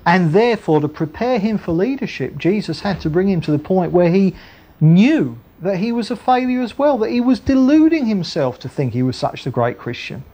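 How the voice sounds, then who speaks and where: A man preaching a Bible sermon, acting out the voices of the figures he quotes in a lively way. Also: high-pitched, moderate pace. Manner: animated, acts out the voices of biblical figures.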